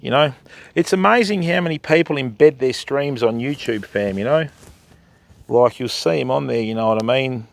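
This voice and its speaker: Gravelly older Australian fishing host. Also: male voice, mid-range voice, normal speed. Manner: chatty, keeps addressing viewers as mate and bud. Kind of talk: casual live-stream commentary. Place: outdoors by a river at night, wading in the water.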